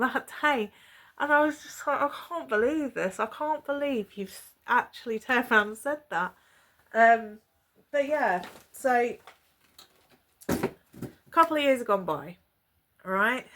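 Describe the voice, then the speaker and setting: A woman's voice: on the high side, fairly bright tone. A woman, chatting to camera and retelling a personal story with lots of quoted dialogue. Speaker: vlogger.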